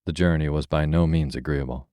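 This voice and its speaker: A man reading a bedtime fairy tale aloud in a slow, soothing, even narration. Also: very deep voice, dry recording, clean studio sound. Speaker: storyteller. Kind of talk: scripted bedtime story narration.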